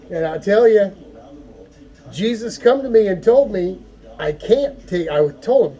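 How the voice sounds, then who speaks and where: A man giving an earnest, folksy prayer talk to camera, halting and repeating words as he goes. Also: sits high, lively intonation, mellow. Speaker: go-kart hobby vlogger.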